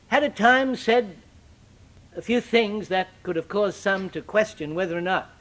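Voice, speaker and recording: An older man preaching a sermon, with dramatic, sweeping shifts in pitch and loudness.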